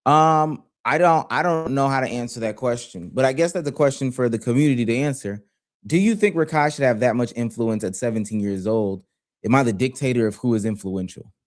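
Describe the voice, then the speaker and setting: A man hosting a casual livestream chat, reading viewer questions and taking callers in a relaxed way. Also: medium pitch, a little fast. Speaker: host.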